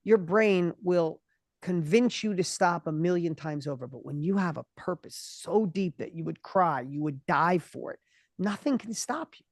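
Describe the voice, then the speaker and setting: A man in his fifties, a guest entrepreneur in an interview, talking with passion and often restarting his words when excited. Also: a little high, no room sound, studio quality. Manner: passionate, acts out other people's voices in quick bursts. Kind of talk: energetic interview conversation.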